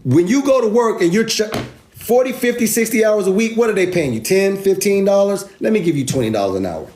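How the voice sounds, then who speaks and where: A man's voice: sits high, lively intonation, a little fast, darkish tone, slight background noise. A man giving an emphatic, sarcastic, street-casual money rant with lots of repetition, recorded in an echoey room. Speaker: finance video host. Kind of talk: animated explainer rant.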